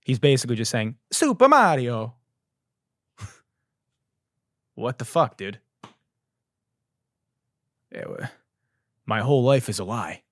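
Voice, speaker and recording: A man's voice: mid-range voice, a little slow, pauses often, no room sound, studio quality. A man hosting a comedy podcast, delivering a rambling, profane monologue. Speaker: podcast host.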